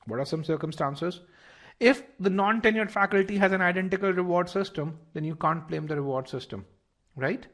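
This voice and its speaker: A man's voice: high voice, a little fast, fairly bright tone. A man teaching a live online test-prep lesson, explaining step by step, often repeating words and asking the class to check they follow.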